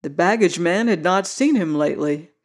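A narrator reading a first-person story in a measured, literary way. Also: medium pitch, lively intonation. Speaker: audiobook narrator.

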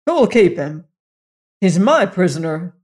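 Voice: medium pitch, sing-song, takes it slowly, darkish tone. A narrator voicing a hostile, blustering elder who snarls threats in a western audiobook story. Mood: snarling. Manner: snarling, hot-tempered.

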